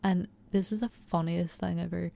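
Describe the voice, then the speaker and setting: A woman's voice: on the low side, steady tone, moderate pace, vocal fry, mellow. A young woman giving a chatty, enthusiastic recap and analysis of a TV episode, peppered with fillers. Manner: chatty, enthusiastic, heavy use of fillers like "you know" and "like". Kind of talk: casual recap and commentary.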